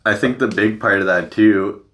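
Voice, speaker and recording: A man with a low-pitched voice that still sounds bright and forceful. He hosts a podcast in loose, casual chat. He rambles, leans on "like" and swears freely. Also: moderate pace. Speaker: podcast host.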